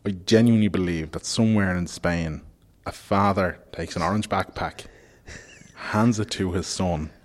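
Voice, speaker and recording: A man with a Dublin accent hosting a podcast, making wry, deadpan asides. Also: low voice, moderate pace. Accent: Irish, Dublin. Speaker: podcast host. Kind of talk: casual chat.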